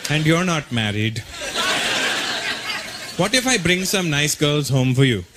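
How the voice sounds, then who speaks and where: Guy doing his pushy matchmaking mom, coaxing and insistent, middle-aged lady, pretty high voice, loud noisy club behind. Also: big pitch swings, measured pace, over a noisy crowd. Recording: loud background noise, live club.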